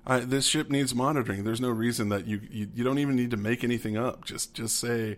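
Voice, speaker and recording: A man's voice: medium pitch, steady tone, fairly quick, few pauses. A man co-hosting a podcast, casually recapping a movie plot with lots of fillers and restarts. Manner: rambling, many restarts and fillers, laughs often. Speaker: podcast co-host.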